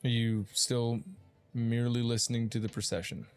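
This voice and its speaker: A man's voice: mid-range voice, level tone, moderate pace, clear, resonant tone. A man in a mid-range voice running a tabletop game, narrating loosely with plenty of swearing and restarts. Faint music sits underneath. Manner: loose, profane, rambling narration. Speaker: dungeon master.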